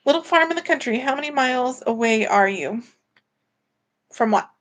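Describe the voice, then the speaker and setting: A woman's voice: high-pitched, expressive, normal speed, a bit bright. A woman hosting a casual live stream from home, chatting in a rambling way and reading viewer comments aloud. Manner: rambling and chatty, with many fillers. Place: at home, indoors.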